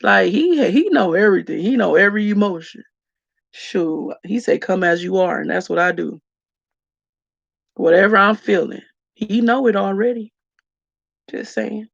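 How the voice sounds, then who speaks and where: A woman speaking slowly and reflectively to her viewers, tearful. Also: medium pitch, gravelly, dry recording, dull audio. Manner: slow, reflective, addresses viewers as y'all. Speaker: vlogger. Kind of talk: emotional personal talk to viewers.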